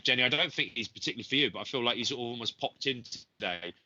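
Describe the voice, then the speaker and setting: Male medium host with a cold; rambling and gentle, sharp bright tone over dull stream audio. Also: medium pitch, expressive, quick pace. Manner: rambling, gentle, many ums and uhs. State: has a cold. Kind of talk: live psychic reading show.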